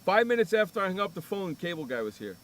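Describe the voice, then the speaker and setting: A man's voice: sits high, sing-song, fast talker, fairly bright tone. A man hosting a sports radio show, telling a profane, ranting story in casual chat.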